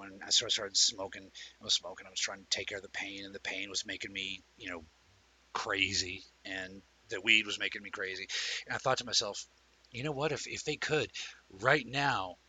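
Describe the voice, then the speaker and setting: A man hosting a live-streamed chat show, telling a rambling, animated story and talking with viewers. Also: lowish voice, husky, poor audio. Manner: reads out and answers viewer comments. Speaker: livestream show host.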